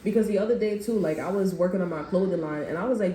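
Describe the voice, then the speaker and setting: A woman reads tarot cards in a loose, rambling way, full of slang and acted-out quotes. Her voice sits low and mellow. The room around her is echoey, with a faint hiss behind. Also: fast talker, hardly any pauses. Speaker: tarot reader. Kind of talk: casual spoken tarot reading.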